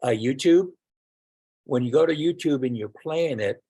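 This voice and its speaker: A man's voice: mid-range voice, normal speed, mellow, slightly rough, no room sound. A man who is a student in a small Latin class, chatting casually and asking questions.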